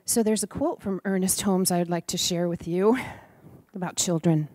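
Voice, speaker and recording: Gentle woman telling a church story. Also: lowish voice, moderate pace, dry recording. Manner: gentle, animated storytelling with soft whispered asides. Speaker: speaker giving a church talk. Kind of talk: storytelling sermon.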